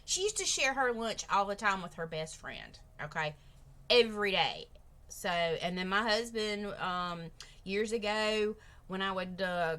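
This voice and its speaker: A woman's voice: medium pitch, fairly bright tone. A middle-aged woman with a Southern US accent, chatting frankly and rambling as a reaction host. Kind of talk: casual reaction chat.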